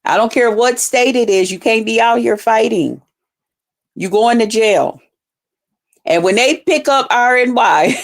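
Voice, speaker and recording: Lady on a live stream going off, cussing, talking right at chat, kinda high voice. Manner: heated, profane, talks straight to viewers. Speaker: livestream host. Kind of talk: casual livestream rant.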